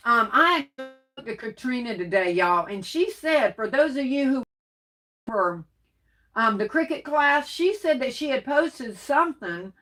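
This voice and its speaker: A woman's voice: a little high, bright, forceful tone. A woman hosting a crafting livestream, reading viewer comments aloud and greeting people as baby and darling, sneezing and coughing now and then.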